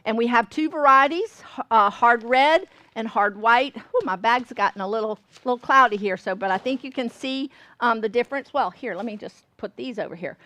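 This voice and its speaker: A woman's voice: on the high side, moderate pace, hardly any pauses, fairly bright tone, no echo. Folksy woman teaching baking. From Georgia, US South. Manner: folksy, checks in with listeners. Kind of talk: cooking class demonstration. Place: store classroom.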